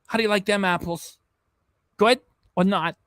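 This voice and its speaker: High-voiced jokey man chatting on a livestream. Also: fairly even intonation, moderate pace, fairly bright tone, smooth, dry recording, studio quality. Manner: jokey, rambling, keeps slipping into silly voices. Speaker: reaction channel host. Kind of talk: casual livestream chat.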